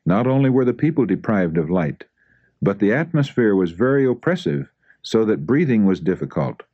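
Male audiobook narrator, lowish mellow voice, solemn and expressive, dull dry recording. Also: moderate pace, no room sound. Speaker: audiobook reader. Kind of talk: scripted narration of a religious book.

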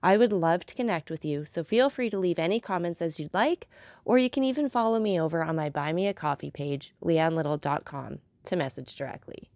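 A woman hosts a storytelling channel and opens it with a casual, enthusiastic introduction. Her voice sits a little low. The recording is dry and close. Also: a little fast, darkish tone, dry recording.

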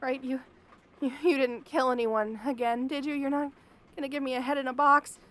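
A woman's voice: high voice, flat delivery, moderate pace, fairly bright tone. A young woman acting a frightened captive in an audio drama, stammering and pleading. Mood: nervous, placating. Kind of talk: audio role-play.

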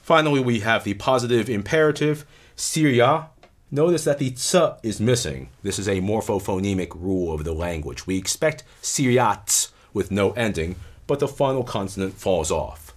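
A man giving a recorded lecture on grammar, measured and explanatory, often checking in with "right?". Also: on the low side, expressive.

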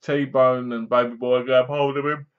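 A man's voice: mid-range voice, level tone, measured pace, clean tone, narrow, tinny audio. A man reviewing a film in a casual, rambling way with wry humor. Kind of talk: casual spoken movie review.

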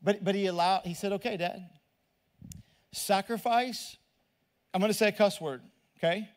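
A man's voice: high-pitched, normal speed. A middle-aged male pastor, preaching in a loose, conversational way that repeats words and asks the crowd questions. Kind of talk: preaching sermon.

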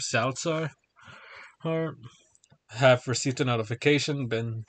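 A man's voice: medium pitch, fairly bright tone. A man chatting casually on a game livestream, rambling and chuckling as he sorts out technical problems. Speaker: gaming streamer.

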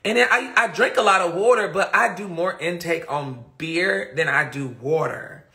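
Sassy male streamer: high, bright, gravelly voice with a slangy, dramatic delivery. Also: normal speed. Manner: animated, dramatic storytelling with lots of laughing; sassy, slangy, talks straight to viewers. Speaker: livestreamer. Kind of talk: casual live-stream chat.

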